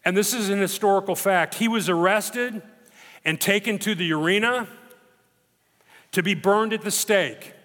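High-voiced male preacher in a reverberant hall. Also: a bit bright. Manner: emphatic, dramatic retelling with slow stressed repetitions. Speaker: pastor. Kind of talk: sermon. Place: church sanctuary. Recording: long reverb of a church hall.

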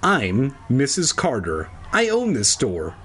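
A man's voice: medium pitch, wildly swooping pitch, slow pace, fairly bright tone, slightly rough, exaggerated voice. A man reading a children's book aloud, voicing a stern young woman who owns a shop, snappy and scolding.

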